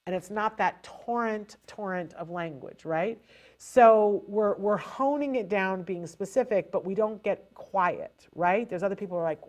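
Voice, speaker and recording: A woman's voice: fairly low pitch, normal speed. A woman hosting a live show, giving parents advice on language delay and acting out the playful lines they say to a child. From California, USA. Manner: animated, acts out playful baby talk to a child. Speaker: host.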